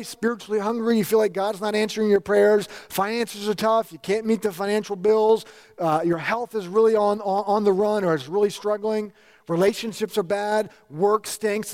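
A man's voice: high voice, a little mellow. A male pastor preaching a sermon, building emphasis through repeated lists. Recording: long hall reverb.

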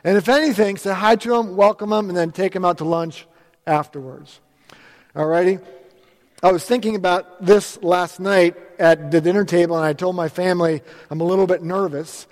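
A middle-aged transitional pastor preaches in a church sanctuary, his high voice steady and darkish at a moderate pace. His sermon is upbeat and chatty, full of jokes with the congregation, and a long church-hall reverb trails his words.

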